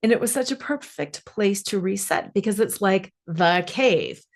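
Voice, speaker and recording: A woman's voice: medium pitch, expressive, moderate pace. Lady coach telling a personal story, earnest, musing, drags out some words. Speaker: life coach and podcast host.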